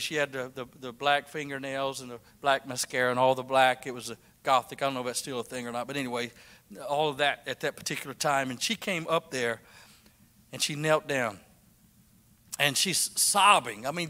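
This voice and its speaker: Fervent male preacher, loud to whispered. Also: a little high, long reverb tail. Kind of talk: sermon.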